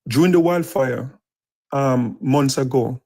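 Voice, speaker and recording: A man's voice: mid-range voice, slow, dark tone, rough recording. Jamaican man on a news panel, earnest, mid voice. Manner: earnest, explains and restates his point. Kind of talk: live podcast panel discussion.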